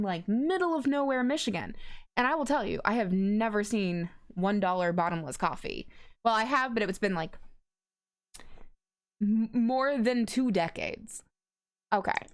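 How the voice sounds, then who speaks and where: A woman in her forties streaming a story game, chatting, giggling and reading choices aloud with many ums. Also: on the high side.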